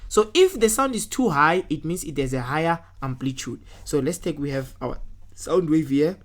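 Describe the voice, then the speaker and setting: Casting note: woman, very low voice, patient science tutor walking through test answers, keeps asking "right?". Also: lively intonation, moderate pace. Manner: checks in often with "right?"; talks through worked answers step by step.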